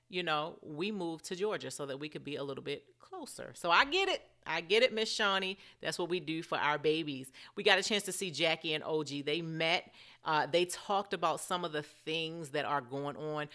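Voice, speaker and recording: A woman's voice: low-pitched, bright, forceful tone. A middle-aged woman giving chatty reality TV commentary, often turning to ask her viewers what they think. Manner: chatty, asks viewers directly. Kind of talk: casual commentary vlog.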